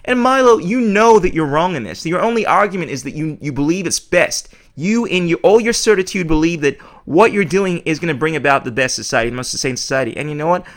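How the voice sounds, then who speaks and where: A man's voice: on the high side, expressive, brisk, few pauses. A man hosting a podcast, delivering a blunt, opinionated monologue full of swearing. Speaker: podcast host.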